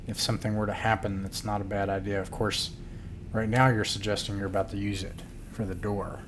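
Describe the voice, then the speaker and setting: A man narrating a tabletop game as game master, relaxed and halting. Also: on the low side, noisy background.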